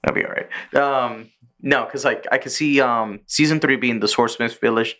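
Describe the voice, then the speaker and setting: A man co-hosting a laid-back podcast, walking through anime episodes scene by scene. He swears freely and keeps a middling pitch in an easygoing, conversational flow. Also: normal speed. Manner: profane, animated scene recaps with quoted character voices. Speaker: podcast co-host. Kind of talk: casual chat.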